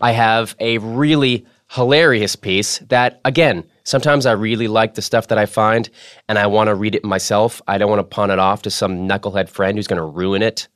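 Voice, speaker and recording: A man's voice: fairly low pitch, fairly even intonation, moderate pace, a bit bright, no room sound, clean studio sound. A man hosting a podcast in a casual chat style, playful and self-mocking as he jokes with his producer. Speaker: podcast host.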